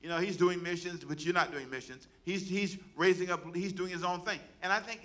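Pastor guy preaching, bright higher voice, gets loud and calls the crowd to answer back. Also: steady tone, fairly quick, few pauses. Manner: preaching with call-and-response to the congregation; loud, rising exhortation. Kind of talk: sermon.

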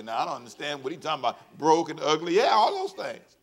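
Male pastor, animated sermon delivery with call-and-response, bright high voice. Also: quick pace, hardly any pauses. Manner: animated preaching with call-and-response and acted-out quotes.

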